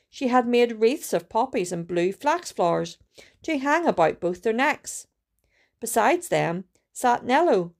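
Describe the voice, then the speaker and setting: A woman reading a storybook aloud with a steady, careful delivery and small restarts. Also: on the high side. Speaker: student reader.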